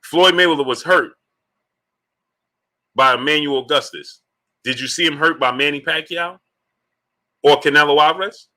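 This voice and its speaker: A man with a slightly high voice hosts a live-streamed sports talk show, speaking at a moderate pace with frequent pauses. He argues his points in an animated, rhetorical way, repeating them emphatically, and greets chat viewers by name.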